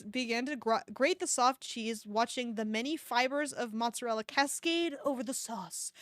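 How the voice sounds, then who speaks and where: A woman streamer mockingly performs a piece of fan fiction, cutting in with sarcastic comments full of swearing. Her pitch is fairly high, and the recording is dry and studio quality.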